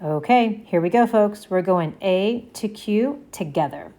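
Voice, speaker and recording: A woman's voice: medium pitch, animated, unhurried, dark tone. A woman teaching a Spanish alphabet lesson, saying each letter twice and explaining its sound step by step. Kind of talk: slow, patient alphabet lesson.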